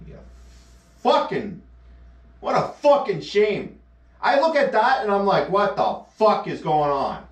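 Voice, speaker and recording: Male streamer, scornful profane rant, voice a bit high, picked up distant in a roomy space. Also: sing-song, unhurried. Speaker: live streamer. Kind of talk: angry rant reacting to a news clip. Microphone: action camera mic. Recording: echoey, distant from the mic.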